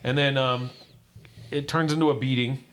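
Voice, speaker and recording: A man's voice: steady tone, moderate pace, fairly bright tone. Man candidly recounting a hard childhood. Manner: candid, acts out quoted voices, drops low on painful parts. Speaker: guest. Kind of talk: personal storytelling.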